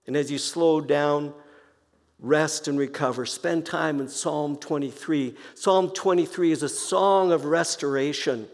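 A man preaching a sermon as pastor, speaking slowly and deliberately and softly repeating key phrases. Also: fairly high pitch. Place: church sanctuary. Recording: long reverb of a church hall.

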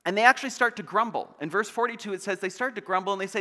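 A man's voice: high voice, very fast, pushed and bright. A male pastor preaching a sermon in a church, playful and joking as he tells stories. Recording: long church hall reverb.

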